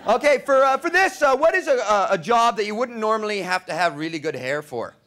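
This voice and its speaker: A man hosting live comedy, working the crowd with energetic, hyped improv. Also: sits high, brisk. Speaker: comedian host. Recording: live stage with faint crowd and noise.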